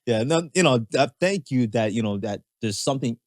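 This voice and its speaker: A podcast co-host chats casually, laughing often and talking in hesitant restarts. His medium-pitched voice is animated and a little fast, captured in a dry, clean studio recording.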